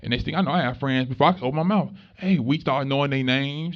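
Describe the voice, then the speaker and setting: A young man giving a motivational talk to students, telling stories in an animated, conversational way with street slang. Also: mid-range voice, fast. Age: young adult. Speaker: motivational speaker. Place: room with a live student audience. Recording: dull lo-fi recording.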